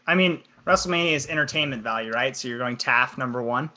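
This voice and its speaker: A man's voice: mid-range voice, fast, bright, forceful tone, lo-fi sound. A young man co-hosting a live podcast, chatting casually, laughing often and reading chat comments aloud. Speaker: podcast co-host.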